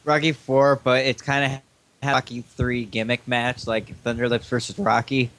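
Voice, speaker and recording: A man's voice: mid-range voice, little pitch movement, normal speed, a bit bright. A man co-hosting a podcast in casual chat, playful and enthusiastic. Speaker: podcast co-host.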